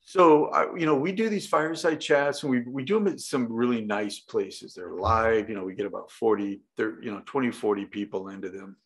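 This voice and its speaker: A man's voice: lowish voice, brisk, hardly any pauses. A middle-aged man talking casually as an interview guest, rambling with lots of fillers and restarts and the odd swear word. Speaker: podcast guest.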